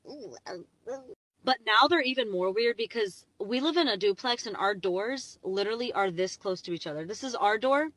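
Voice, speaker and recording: A young woman tells a story to her phone camera from the driver's seat, rambling with endless fillers and growing more excitable as she goes. Her voice sits at an ordinary middle pitch. The sound is dry and close, with no room echo. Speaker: vlogger. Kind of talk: casual storytime vlog.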